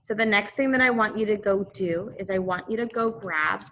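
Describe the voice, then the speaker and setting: A woman teaching a second grade class remotely, slowly repeating drills for the children. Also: medium pitch, a bit bright, slight background noise.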